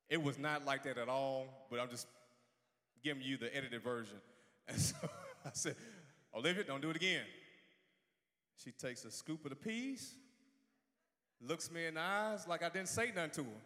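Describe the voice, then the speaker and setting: Guy pastor preaching, bright high voice, big hall reverb. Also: normal speed, pauses often. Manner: animated, swings from quiet asides to shouting. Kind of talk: sermon.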